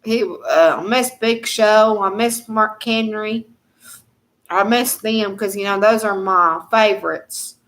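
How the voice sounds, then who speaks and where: A woman's voice: mid-range voice, slow, fairly bright tone. A woman hosting a casual live chat at home, rambling and laughing often, with many fillers.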